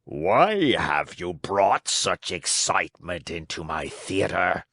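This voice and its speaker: Guy doing a big scary puppet boss, rough ogre voice like he's got a cold, slow and gruff, a bit low. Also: big pitch swings, fairly bright tone, dry recording, exaggerated voice. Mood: stern. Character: huge fearsome bearded male puppet-theater director.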